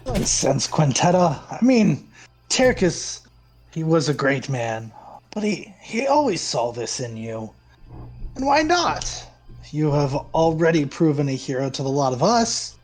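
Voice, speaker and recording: A man's voice: a little high, big pitch swings, a little slow, darkish tone, soft background music. A man voicing a hearty middle-aged tavern friend who talks in a jokey, ribbing way. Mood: warm.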